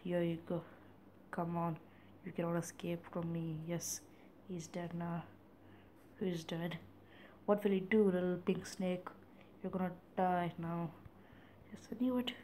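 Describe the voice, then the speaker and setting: A man casually commenting on his own gameplay in a playful, chatty way, sometimes dropping into soft whispery asides. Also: high-pitched, flat delivery, a little slow, pauses often, slight background noise. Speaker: gaming channel host.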